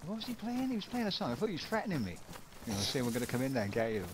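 A man chatting casually during an online game, chatty and animated. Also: mid-range voice, racing, noisy background. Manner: chatty, animated, laughs easily. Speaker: player. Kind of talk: casual gaming banter with friends.

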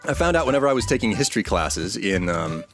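A man's voice: on the low side, sing-song, quick pace, music in the background. An American man chatting while playing a video game, hesitant and stumbling over his words. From United States. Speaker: co-player.

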